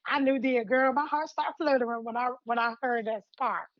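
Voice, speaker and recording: A woman podcast co-host casually retelling a fan story, acting out the characters' lines with lively colloquial talk. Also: sits high, normal speed, muffled recording. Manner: animated storytelling in colloquial Southern US English, acts out lines.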